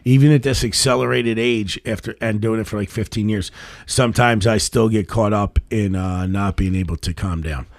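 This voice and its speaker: Gravelly middle-aged man spinning profane yarns. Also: fairly low pitch, fairly even intonation, moderate pace, dry recording. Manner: profane, rambling anecdotes with restarts. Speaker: stand-up comedian guest. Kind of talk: casual podcast storytelling.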